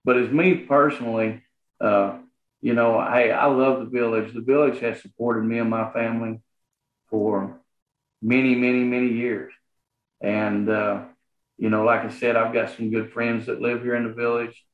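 A man's voice: medium pitch, flat delivery, normal speed. A man with a Southern accent talks earnestly in a casual interview, stopping and restarting often and leaning on lots of fillers. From Arkansas, USA. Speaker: guest, property association manager. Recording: roomy, phone-like sound.

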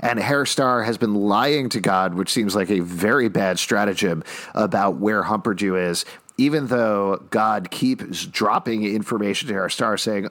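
A man with a fairly low voice hosts a casual podcast. He recaps an episode plot with dry, easygoing asides. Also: unhurried, fairly bright tone. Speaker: podcast host.

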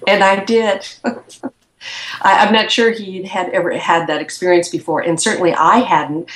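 A woman guest slowly and reflectively recounting a personal experience in an interview. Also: on the low side, fairly even intonation, reverberant.

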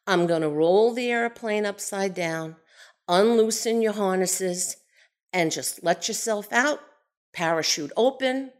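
A woman voicing a calm, matter-of-fact male pilot, speaking in an even, straight-faced way. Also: high voice.

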